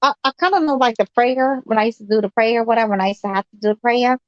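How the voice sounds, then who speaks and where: A woman co-hosting a casual chat show, loud and giggly, swearing freely. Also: on the high side, fast, no echo, dull audio. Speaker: podcast co-host.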